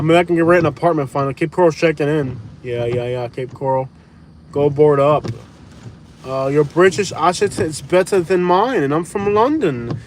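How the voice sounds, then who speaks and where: A man with a slightly high voice chats and jokes his way through a live stream, repeating phrases and laughing easily. He talks from inside a running truck, with a faint engine hum and storm noise underneath. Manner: jokey, laughs often, repeats phrases playfully. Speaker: live-stream host reading viewer comments. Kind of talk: casual live-stream chat. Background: engine hum, wind and rain.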